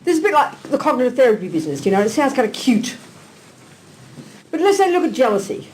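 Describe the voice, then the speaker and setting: High-voiced blunt woman teaching. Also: quick pace, a little hiss or hum. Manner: animated, blunt, teasing, fires rhetorical questions. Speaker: Buddhist teacher. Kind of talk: live question-and-answer teaching. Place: teaching hall with a live audience.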